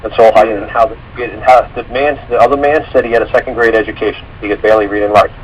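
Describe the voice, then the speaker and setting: A man's voice: fairly low pitch, fairly even intonation, fast talker, dull audio, slight background noise. A man talking casually on a radio show, rambling through stories, acting out quotes and swearing freely. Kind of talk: casual call-in radio talk.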